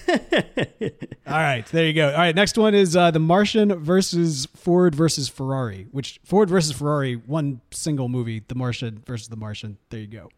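A man in his thirties co-hosting a podcast in casual chat, animated and chatty and laughing often. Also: fairly high pitch, moderate pace. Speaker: podcast co-host.

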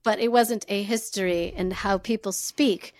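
A woman co-hosting a podcast, telling a story in relaxed casual chat with frequent fillers. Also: mid-range voice, normal speed, dry recording, clean studio sound.

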